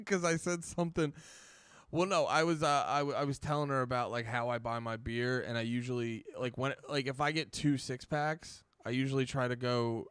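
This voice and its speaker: A man's voice: mid-range voice, fairly even intonation, normal speed, fairly bright tone, smooth, no echo, studio quality. A man co-hosting a podcast from his dining room, laughing and telling crude stories in a casual chat. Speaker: podcast co-host.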